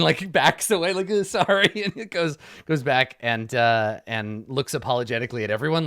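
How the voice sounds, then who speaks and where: A man running a tabletop game as game master, narrating in an animated, storytelling way. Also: medium pitch.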